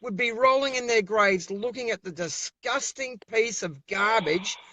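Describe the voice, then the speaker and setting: A man's voice: high voice, measured pace, bright, forceful tone. An Australian man speaking over a video call as an interview guest, giving fiery, emphatic political talk and repeating himself when worked up.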